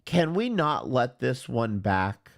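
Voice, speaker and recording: A man hosting a commentary show, talking in a sarcastic, deadpan way. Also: mid-range voice, slow pace, gravelly. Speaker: commentary channel host. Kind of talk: casual mocking commentary.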